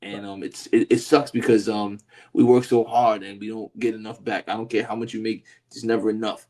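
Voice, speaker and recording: A man's voice: fairly low pitch, level tone, a little fast, darkish tone. A man co-hosting a casual podcast chat, laid-back and rambling, always tossing in "you know what I mean" and laughing often. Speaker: podcast co-host.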